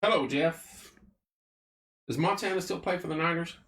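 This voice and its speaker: A man's voice: a little high, normal speed, a bit bright. A man hosting a casual livestream, chatting loosely and greeting viewers by name while he eats. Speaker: livestream host. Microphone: clip-on mic.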